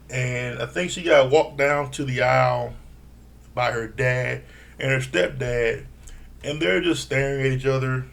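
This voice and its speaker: A man's voice: slow, creaky, pauses often. Profane, laughing man recapping reality TV. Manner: blunt and profane, laughing often; animated, mimics people in higher voice. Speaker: reality TV reviewer. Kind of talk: casual recap commentary.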